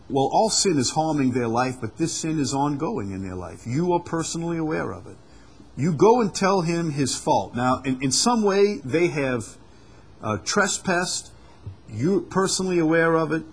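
A man's voice: medium pitch, darkish tone, husky. A male pastor preaching a sermon, earnest, repeating words as he explains scripture. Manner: earnest, repeats words, acts out quoted apologies.

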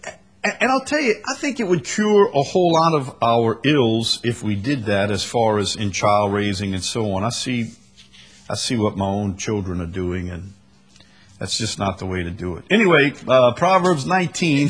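A man preaching a sermon, animated, acting out scenes with a raised voice and taking questions from the congregation. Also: lowish voice, moderate pace, husky. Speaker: pastor.

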